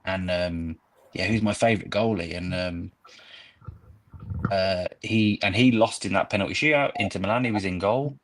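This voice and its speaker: A man with a fairly low voice chats casually as a podcast guest. He drifts from story to story in a loose, reminiscing way, piling on detail as he goes. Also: normal speed, fairly bright tone, slight background noise. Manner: rambling nostalgic anecdotes. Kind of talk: casual chat.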